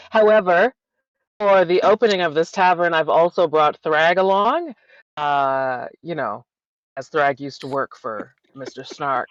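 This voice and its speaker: A man's voice: a little high, a little slow, fairly bright tone, no room sound. A man playing in a tabletop game, describing his character with amusement. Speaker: player. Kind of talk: tabletop role-play chat. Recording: dull lo-fi mic.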